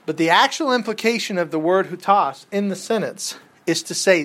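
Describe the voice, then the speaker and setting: Male Bible teacher, casual classroom lecture, fairly high voice, conversational, quizzes students. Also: brisk, hardly any pauses, fairly bright tone.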